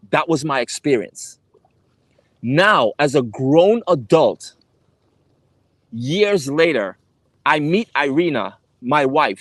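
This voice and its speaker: A man's voice: fairly high pitch, fairly bright tone, no room sound. A young man earnestly telling a personal story to camera, emphatic and repeating himself for weight. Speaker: travel vlogger.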